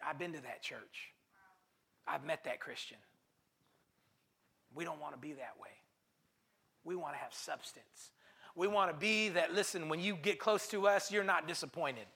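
Male pastor, high bright voice with gravel, emphatic sermon with repeated lines and calls to the crowd. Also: moderate pace, long pauses. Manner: emphatic, repeats phrases for stress; calls to the congregation.

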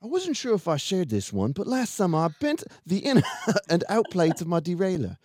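A man's voice: high-pitched, wildly swooping pitch, drawn-out words, bright, forceful tone, no room sound, full character voice. Give me a man putting on a hammy mock accent to read a story aloud, dry. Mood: jokey. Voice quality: playfully hammy reading voice.

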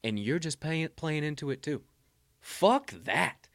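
A man's voice: measured pace, creaky, no room sound. Male podcast host, profane motivational rant, dry close sound. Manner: loud, swearing, animated, drops to low intense tones.

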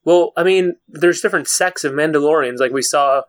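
A man's voice: fairly high pitch, brisk. A man co-hosting a podcast, talking bluntly with casual swearing. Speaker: podcast co-host. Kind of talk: casual chat.

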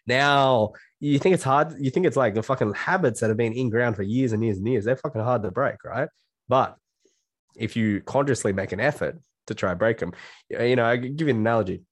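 A man with a medium-pitched voice speaks briskly as a guest life coach on a casual podcast. He is blunt, swears freely, and acts out his own self-talk in quotes. There is no room sound.

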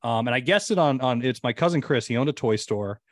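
A man's voice: mid-range voice, brisk, dry recording. Chatty man telling stories, dry close mic. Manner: animated storyteller, many fillers. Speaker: guest, chef and podcaster. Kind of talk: casual podcast chat.

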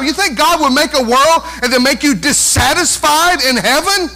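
A male pastor preaching a sermon in an animated way, mimicking whiny voices and calling out for amens. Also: very high voice, brisk, few pauses.

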